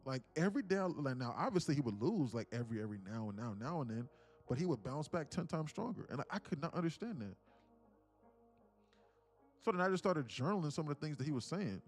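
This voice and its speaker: A man's voice: a little high, very animated, fast talker, faint music behind. A man hosting a live day-trading stream, chatting casually and rambling, often repeating words as he talks to his viewers. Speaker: day-trading livestream host.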